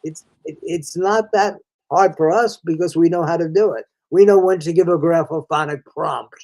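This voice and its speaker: A man's voice: on the high side, moderate pace, darkish tone, low-quality recording. An older man, a reading specialist, explaining in a folksy conversational way, calling the listener "friend" and restarting his sentences often.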